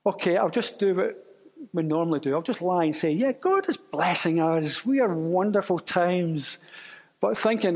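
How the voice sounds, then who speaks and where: A man's voice: high voice, wildly swooping pitch, takes it slowly, pauses often, husky. A man telling a testimony as a sermon, storytelling and acting out the voices of others. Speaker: preacher. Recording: long reverb of a church hall.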